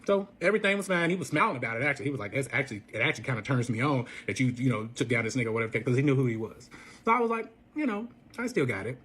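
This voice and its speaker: A man retelling a messy relationship story in casual speech, animated and profane, acting out every quote. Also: medium pitch, rapid-fire, breathy edge. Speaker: storyteller guest.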